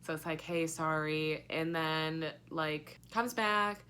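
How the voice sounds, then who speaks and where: A woman's voice: deep voice, slow pace, bright, forceful tone, clean tone. A young woman giving a casual, rambling book review, sarcastic and full of fillers and swearing.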